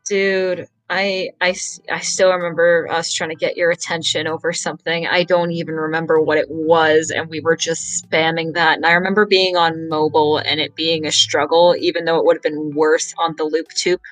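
A man's voice: a little high, level tone, a bit bright, faint music behind, low-quality recording. Rambling, stammering man. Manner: rambling, stammering, quick to laugh. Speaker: podcast host. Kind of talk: casual chat.

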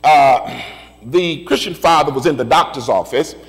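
A man preaching a sermon, repeating his phrases in a steady rhythm and building up to shouted refrains. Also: on the high side, moderate pace, long reverb tail, low-quality recording. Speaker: pastor.

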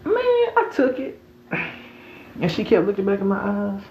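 A young man from Mississippi with a Southern accent, telling a profane, animated story in a casual storytime vlog. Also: high-pitched, a little slow. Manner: profane, animated, laughing, repeats himself. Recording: echoey room, dull audio, faint hiss.

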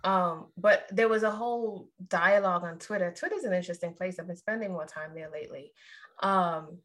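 A woman's voice: on the low side, brisk, a bit bright. A woman co-hosting a podcast in casual chat, meandering and chatty, with asides to the listeners. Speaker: podcast co-host.

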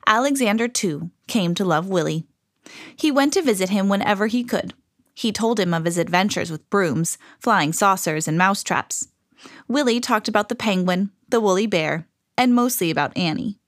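Expressive mom reading a storybook. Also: female voice, medium pitch, moderate pace, no echo, studio quality. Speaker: mother reading to children. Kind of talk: storybook read-aloud.

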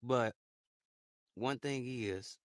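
A man's voice: mid-range voice, extremely slow, no echo, studio quality. A young man hosting a casual solo podcast, talking in a rambling, repetitive, heartfelt way. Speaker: podcast host.

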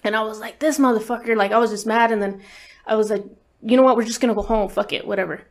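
A woman's voice: a little high, steady tone, quick pace. Candid, swearing woman telling her story. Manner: candid, profane, lots of fillers. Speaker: interview guest. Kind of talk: casual storytelling.

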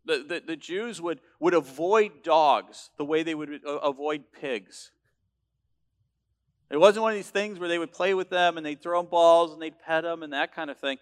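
Emphatic preacher man, fairly high voice. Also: moderate pace. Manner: emphatic, building to loud declarations with frequent restarts. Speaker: pastor. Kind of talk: sermon.

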